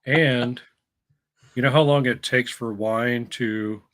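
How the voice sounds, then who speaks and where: Male co-host, casual, chuckling, tosses in playful questions, mid pitch. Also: fairly even intonation, takes it slowly, a bit bright. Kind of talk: casual chat.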